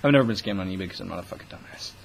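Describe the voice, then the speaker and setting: A man's voice: low-pitched, animated, very fast, creaky, breathy edge, low-quality recording. A young man talking into the camera in a casual vlog, ranting with scorn and constant swearing. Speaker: vlogger.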